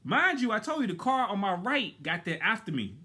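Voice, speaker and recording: Lively animated man. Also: sits high, brisk. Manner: animated, slangy, acts out his own side. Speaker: vlogger telling a story. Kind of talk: casual storytelling.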